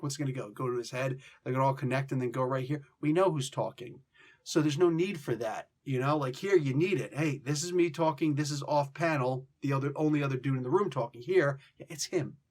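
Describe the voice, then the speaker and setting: A man hosting a casual comic book review, animated and slangy, now and then acting out lines in mock voices. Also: medium pitch, fast talker.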